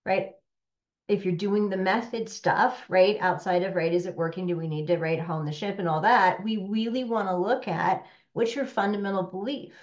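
A woman business coach talking to a workshop room, animated and conversational, often checking in with "right?". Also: medium pitch, normal speed, dull audio.

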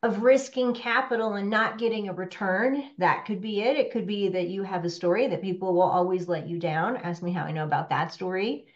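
A woman business coach talking to a workshop room, animated and conversational, often checking in with "right?". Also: mid-range voice, a little fast, hardly any pauses, muffled recording.

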